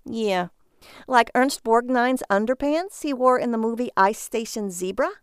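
A woman voicing an exasperated, sharp-tongued wife who scolds with sarcasm. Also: on the high side, measured pace, clear, resonant tone, dry recording, clean studio sound, voice pushed up, natural voice. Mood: scolding.

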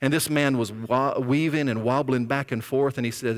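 Storytelling preacher in an echoing hall. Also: male voice, medium pitch, quick pace, few pauses. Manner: conversational, animated storytelling. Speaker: pastor. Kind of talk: sermon.

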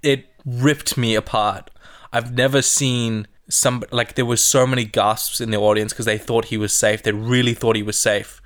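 A man in a casual movie discussion, telling scenes with emotion and quoting lines softly. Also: mid-range voice, normal speed. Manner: emotional, animated storytelling, quotes scenes softly.

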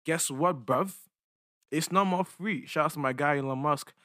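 A man's voice: a little high, normal speed, sharp tone, no room sound, studio quality. A young man, rambling casually as host of his own solo podcast, slangy and loose, often checking in with his listeners. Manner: loose, slangy, rambling, keeps asking "you get me".

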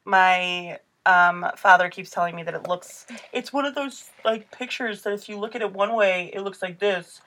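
A woman's voice: medium pitch, normal speed, few pauses, sharp tone. Giggly young woman chatting casually. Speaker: podcast co-host. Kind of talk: casual chat.

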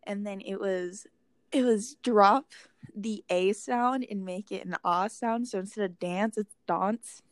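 A woman's voice: medium pitch, measured pace, no room sound. A teenage American girl co-hosting a podcast, chatting casually and filling her talk with "like". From United States. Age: teens. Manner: chatty, lots of "like" fillers. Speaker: podcast co-host. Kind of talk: casual chat.

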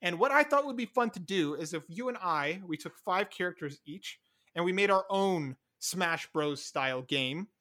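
A man hosting a podcast in casual chat, excitable and quick, swearing now and then. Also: high-pitched. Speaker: podcast host.

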